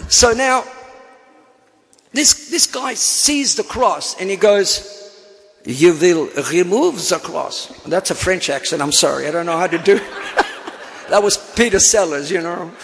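An older man giving a personal testimony to an audience, with animated storytelling and humorous asides. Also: high-pitched, measured pace. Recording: long reverb in a hall.

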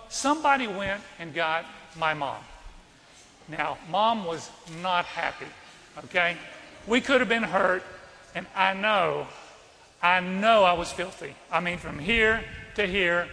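High-voiced man preaching in a reverberant church. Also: creaky, bright, forceful tone. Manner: conversational storytelling, asks the congregation questions. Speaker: priest. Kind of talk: sermon with a personal story.

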